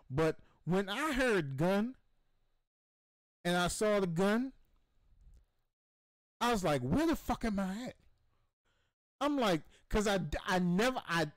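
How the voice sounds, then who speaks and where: A man hosting a gaming stream who tells a rambling, profane story with excitement and acts out the voices in it. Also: high voice, no room sound. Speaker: show host.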